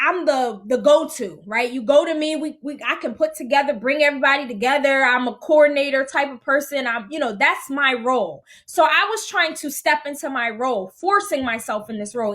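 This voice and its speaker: A woman podcast host telling a personal story in a lively way and acting out the dialogue. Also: high voice, brisk, few pauses. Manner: animated, acts out dialogue in vivid voices.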